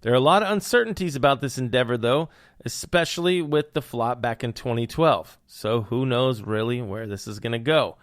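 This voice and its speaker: A man's voice: medium pitch, moderate pace, dry recording, clean studio sound. Punning young man riffing on news. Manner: jokey, punning, hyped asides. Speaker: podcast host. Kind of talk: comedic news commentary.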